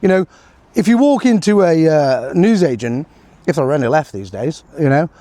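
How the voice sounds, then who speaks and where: A middle-aged man talks through his views in a loose, sarcastic monologue, trailing off into ums and brief chuckles. His voice sits a little high for a man. The recording is close and dry, with no room sound around him. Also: lively intonation, moderate pace, dark tone, no room sound. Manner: sarcastic, rambling, with frequent fillers and chuckles. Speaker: political commentator. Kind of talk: casual solo commentary.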